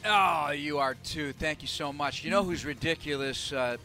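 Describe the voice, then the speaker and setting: A man's voice: on the high side, moderate pace, gravelly, faint music behind. Upbeat man calling in to radio. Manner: energetic, chatty, laughs easily. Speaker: radio play-by-play announcer, guest. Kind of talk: casual radio phone-in chat. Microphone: phone hotline.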